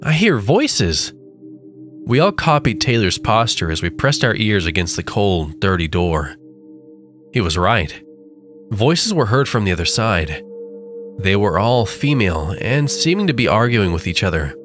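A man with a low, expressive voice tells a first-person horror story, lingering dramatically over lines. Faint music plays beneath his narration. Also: moderate pace.

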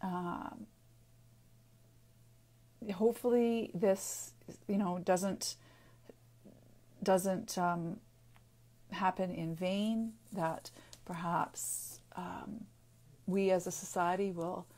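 A woman speaking off the cuff in a personal video, earnest and halting, with frequent restarts and pauses as she searches for words. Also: lowish voice, steady tone, a little mellow. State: getting emotional. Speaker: naturopathic doctor and author. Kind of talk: unscripted personal video talk.

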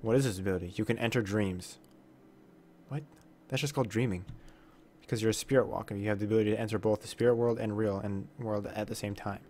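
Man reading a lowish, earnest guide explaining forest myths. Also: steady tone, quick pace, a little mellow, a little hiss or hum, close to an everyday voice. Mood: solemn.

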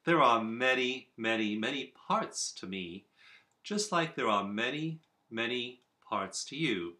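Man, self-help teacher, bright crisp tone, earnest and measured, in his office. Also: medium pitch, expressive. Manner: earnest, measured, with repeated emphasis. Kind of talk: recorded video lesson.

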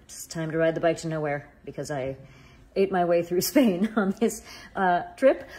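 A woman's voice: lowish voice, expressive, moderate pace, mellow. A woman chatting playfully and jokingly to followers in a casual phone vlog at home. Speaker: actor taking over a social media account. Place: at home, garden and office. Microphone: phone at arm's length.

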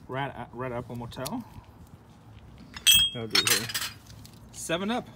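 A man at a middle pitch gives casual commentary, calling out one label after another in short, clipped bursts and tossing in half-mumbled asides. He is filmed on a handheld phone indoors, and loud clinking and handling noise runs under his voice throughout. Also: a little slow. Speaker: vlogger showing a collection. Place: indoors at a shop.

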